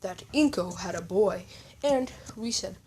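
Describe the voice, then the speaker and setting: A cheerful old Santa figure with a loud, hearty manner, as a woman reads him out in a storytelling video. The delivery is unhurried and the voice sits at a middling pitch. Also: expressive, a little hiss or hum, low-quality recording. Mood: explaining. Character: jolly old male Santa Claus, cheerful.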